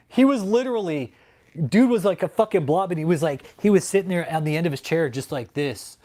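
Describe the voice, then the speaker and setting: With a fairly high, mellow voice and lively intonation, a man hosting a livestream rants at a fairly quick clip. The talk is casual, mocking and profane, rambling and punctuated by frequent laughter.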